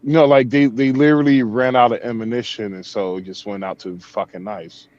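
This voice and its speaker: A man's voice: mid-range voice, steady tone, normal speed, darkish tone. A man telling a story casually on a podcast, loose and full of fillers. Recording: dull dry sound.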